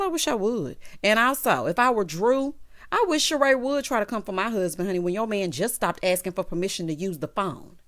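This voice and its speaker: A woman giving a sassy, gossipy commentary on a reality TV episode, breaking into loud laughs. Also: medium pitch. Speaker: reality TV recap host. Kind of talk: casual recap commentary.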